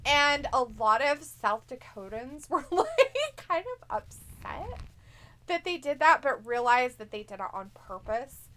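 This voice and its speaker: A high-voiced woman with a bright, sparkling tone. She teases and giggles through a casual live stream. She reads viewer comments aloud between quick reactions. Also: expressive. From Upper Midwest of the US. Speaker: co-host of a live watch-along stream.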